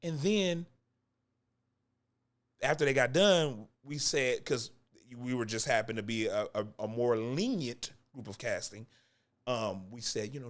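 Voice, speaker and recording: A man's voice: mid-range voice, unhurried. Man, acting coach, casual coaching talk, close mic, repeats points, conversational. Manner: conversational, repeats points for emphasis, chuckles between lines. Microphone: close microphone.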